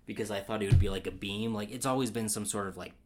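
A man co-hosting a casual film chat, excitable and rambling, with lots of fillers and restarts. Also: lowish voice, fast. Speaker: podcast co-host.

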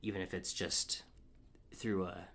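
Low-voiced rambling man chatting. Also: measured pace. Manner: excitable, rambling with many fillers and restarts. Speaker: podcast co-host. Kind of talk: casual film review chat.

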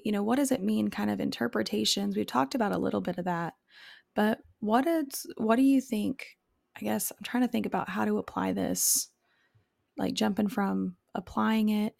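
A woman co-hosts a relaxed faith podcast, her voice heavy with gravelly fry. She tells stories candidly and lets them ramble. The sound is close and dry. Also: medium pitch, dry recording. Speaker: podcast co-host. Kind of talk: casual faith podcast chat.

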